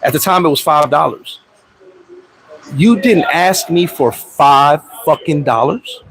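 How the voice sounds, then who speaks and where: A man hosting a casual livestream, telling stories in a profane, animated way, with loud outbursts, and answering viewer comments. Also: fairly high pitch, slow pace, low-quality recording. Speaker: livestream host.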